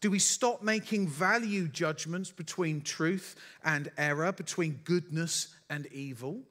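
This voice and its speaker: A man's voice: on the high side, measured pace, fairly bright tone. A man as the preacher, giving a sermon and telling stories with dry, self-deprecating humour. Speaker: pastor.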